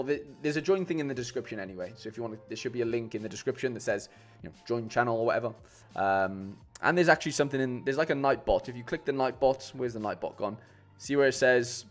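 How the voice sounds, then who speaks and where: A medium-pitched man talks fast with few pauses as he builds fantasy football lineups on a live stream, meandering with fillers and restarts and calling his audience "mate." Faint music plays underneath.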